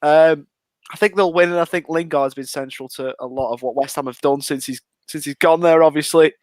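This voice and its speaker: Higher-voiced, hesitant male co-host. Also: fairly even intonation, a little fast, a little mellow, dry recording. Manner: hesitant, with many ums and restarts. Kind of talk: casual panel chat.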